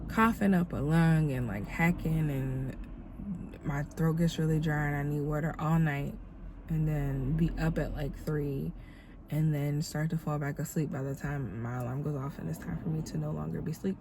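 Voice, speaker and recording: Worn out stuffy-nosed woman vlogging, low gravelly voice, lots of ums, reflective and encouraging. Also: fairly even intonation, normal speed, darkish tone, slight background noise. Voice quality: nasal. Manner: reflective, encouraging, many fillers. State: tired and congested. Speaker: dancer and vlogger. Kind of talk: casual devotional vlog talk.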